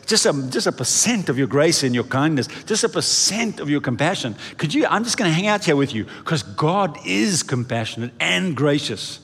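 A man preaching a sermon in an animated way, swinging his pitch and volume as he acts out quoted voices. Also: breathy edge. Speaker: pastor. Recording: echoey hall reverb.

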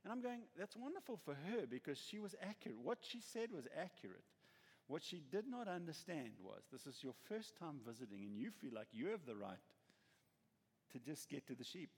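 Husky-voiced pastor preaching, pitch jumps all over, long echo off the church walls. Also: male voice, moderate pace. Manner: animated storytelling, acts out quoted voices. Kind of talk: sermon. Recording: echoey hall with long reverb.

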